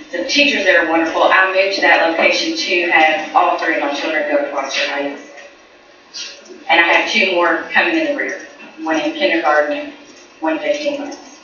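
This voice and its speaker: A woman's voice: fairly low pitch, background noise. A woman in her thirties, a mother addressing a school board, speaking earnestly and growing emotional. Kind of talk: public comment at a meeting. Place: large meeting room. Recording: echoey, distant, dull room recording.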